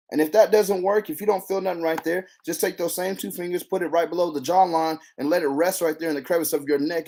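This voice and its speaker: An excitable devotional leader teaching a faith challenge to camera, breaking into bursts of praise and repeating lines for emphasis. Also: mid-range voice, fast, few pauses. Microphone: handheld camera.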